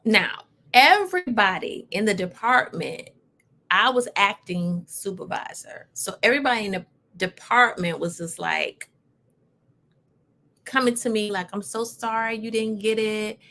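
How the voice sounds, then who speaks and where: A woman hosting a casual talk show, telling a personal story in an animated, emphatic way with lively asides. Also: medium pitch, measured pace. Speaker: host.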